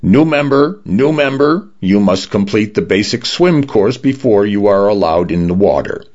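A man voicing an officious, alarmist robotic pool lifeguard that keeps shouting warnings in a storybook reading. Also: on the low side, expressive, normal speed. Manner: insistent, repeats warnings, shouting. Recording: dull lo-fi recording.

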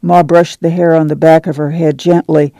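A man narrating a literary novel as an audiobook, in a steady, unhurried storytelling manner. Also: on the high side, no room sound.

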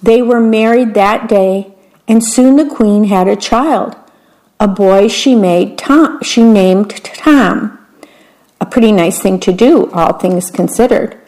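A woman reading a fairy tale aloud, gentle with wry asides. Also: mid-range voice, slow pace. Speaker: storyteller.

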